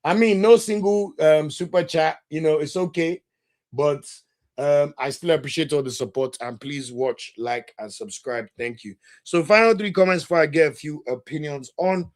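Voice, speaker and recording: A man's voice: a little high, moderate pace. A young man hosting a football podcast livestream, reading viewer comments and ranting with indignant energy. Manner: animated, indignant, ranting with laughs. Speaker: podcast host.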